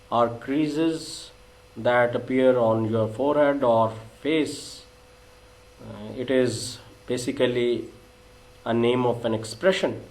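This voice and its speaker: A man with a Pakistani English accent giving a deliberate vocabulary lecture, listing words one at a time. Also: medium pitch, darkish tone, low-quality recording. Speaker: English teacher.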